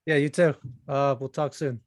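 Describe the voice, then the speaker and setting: A man's voice: medium pitch, little pitch movement, moderate pace, no room sound, clean studio sound. A man co-hosting a podcast in casual, upbeat chat, with a self-joking manner. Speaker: podcast co-host.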